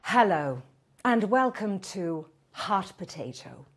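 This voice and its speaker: A woman's voice: medium pitch, big pitch swings, slow pace, noisy background. A comedian playing a beleaguered female talk show host who keeps up formal presenter patter and stammers when caught off guard. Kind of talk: stand-up character comedy.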